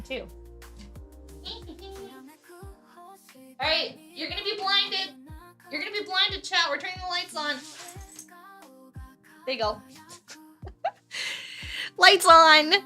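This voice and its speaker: Bright, giggly, high-voiced woman streamer. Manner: chatty, giggly and casually profane. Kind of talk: casual chat with live chat.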